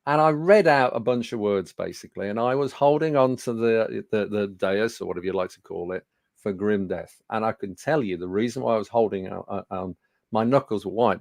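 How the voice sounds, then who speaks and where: A man's voice: mid-range voice, vocal fry, dry recording. A man in his sixties with a Birmingham accent, a speaking coach telling anecdotes to a studio audience with fillers and self-deprecating humour. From Birmingham, England. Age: 60s.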